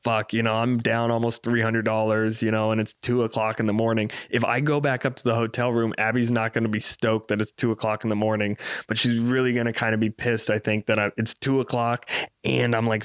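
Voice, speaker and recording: A man's voice: on the low side, fairly bright tone, smooth, no echo, clean studio sound. Rambling, profane young man telling a story. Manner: rambling and profane, with constant "you know what I mean" asides. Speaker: podcast host. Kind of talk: casual comedic storytelling.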